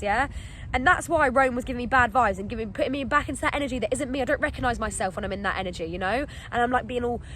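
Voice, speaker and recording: A young woman telling a storytime vlog to her phone camera outdoors, animated and acting out her own panic. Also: a little high, a little hiss or hum. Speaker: vlogger. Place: outdoors in wet weather.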